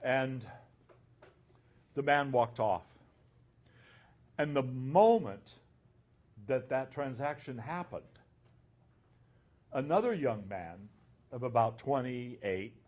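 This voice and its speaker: A man who is an abbot, telling an anecdote in a conference talk and recounting the dialogue in an unhurried way. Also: mid-range voice, animated, darkish tone.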